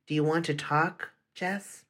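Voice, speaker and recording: An audiobook reader voicing a kind, motherly woman assistant principal who speaks in a warm, reassuring way. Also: medium pitch, steady tone, measured pace, natural voice. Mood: gentle. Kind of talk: audiobook reading.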